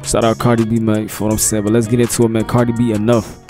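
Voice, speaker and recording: A man's voice: on the low side, completely flat delivery, racing, darkish tone, faint music behind. A man hosting a casual reaction video, talking in a laid-back, slangy way and laughing often.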